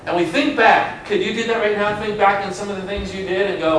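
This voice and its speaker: A man with a high voice preaches a sermon from some way off the mic. His voice rings through a very echoey hall, with faint noise underneath. He stretches key words out and swings between loud and soft. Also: fairly even intonation, a little fast, few pauses. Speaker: pastor. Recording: echoey room, mic far away.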